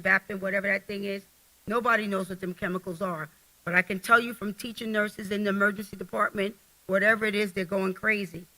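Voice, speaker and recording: A woman's voice: mid-range voice, sharp tone, rough recording. A middle-aged woman giving a casual health talk at a women's conference, talking straight to the audience in a folksy way.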